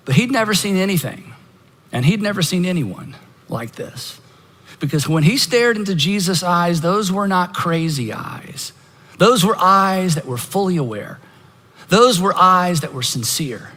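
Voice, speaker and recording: A man preaching a sermon, retelling a story dramatically and dropping to hushed, intimate tones for emphasis. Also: sits high, big-room sound. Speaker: pastor.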